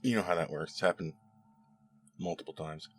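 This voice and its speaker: A man hosting a casual spoken review, chatty and animated, with frequent laughs and restarts. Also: sits low, brisk, soft background music. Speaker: show host reviewing episodes.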